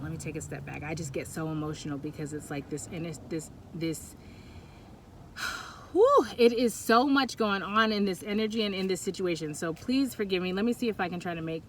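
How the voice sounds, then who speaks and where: A woman giving a pick-a-pile tarot reading, talking in a rambling, halting way that often turns emotional, recorded on a Bluetooth mic. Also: fairly low pitch, slight background noise. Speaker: tarot reader.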